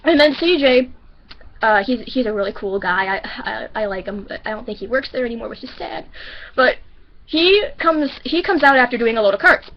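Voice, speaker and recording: Chatty woman with a higher voice, lo-fi. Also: lively intonation, moderate pace, slight background noise. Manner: rambling, self-correcting, chatty. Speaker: grocery store bagger. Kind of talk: casual storytelling.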